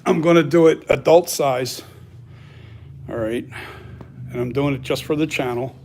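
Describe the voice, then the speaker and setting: A man's voice: mid-range voice, measured pace, vocal fry, a little mellow, a little hiss or hum. A man who makes costumes and masks, talking casually in a workshop vlog, thinking aloud and rambling with lots of fillers. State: has the hiccups. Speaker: costume and mask maker.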